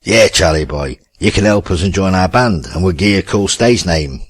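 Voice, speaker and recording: A brash, jokey old rock guitarist, as a male narrator plays him. The voice is low and slightly husky, and the recording is dry and close. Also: expressive, normal speed.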